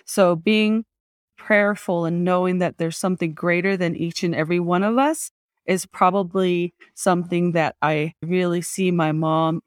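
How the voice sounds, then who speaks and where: A woman speaks fondly of her mother in a smooth, clear voice. She laughs easily and stops now and then to find her words. The sound is dry and close. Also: fairly low pitch, dry recording. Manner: warm, laughs often, pauses to recall. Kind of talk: personal reflection.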